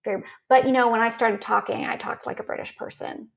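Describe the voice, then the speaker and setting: A woman co-hosting a podcast, chatting casually and explaining things with quick asides. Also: on the high side, steady tone, vocal fry, crowd noise. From United States. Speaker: podcast co-host; student. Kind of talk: casual chat. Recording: dull lo-fi sound.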